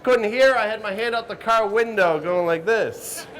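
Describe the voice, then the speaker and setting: On an outdoor stage at a crowded show, a man with a high, slightly bright voice at a moderate pace performs live stand-up while hosting a cooking show. Between jokes he brashly teases the audience, with live crowd and hall noise audible.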